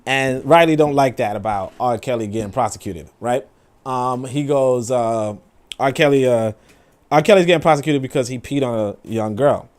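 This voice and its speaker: A man's voice: medium pitch, normal speed. A young adult man hosting a casual, profane commentary stream and reading comments aloud. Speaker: show host.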